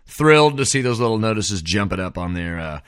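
A man's voice: on the low side, animated, fairly quick, fairly bright tone, smooth, dry recording, studio quality. A middle-aged man hosting a podcast, rambling through a wry, casual solo monologue full of "man" and "dude.". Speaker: podcast host.

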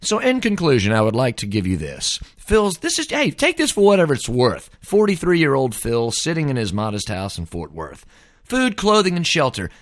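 A man's voice: medium pitch, huge pitch swings, normal speed, dry recording, studio quality. A man hosting a podcast, rambling in a folksy, casual way, often tossing in "man". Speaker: podcast host. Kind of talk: casual monologue.

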